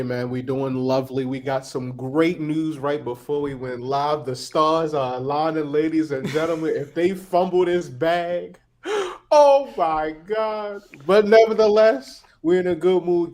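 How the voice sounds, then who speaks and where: Hyped-up man, slightly high voice. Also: measured pace, darkish tone. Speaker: podcast co-host. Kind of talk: casual sports talk.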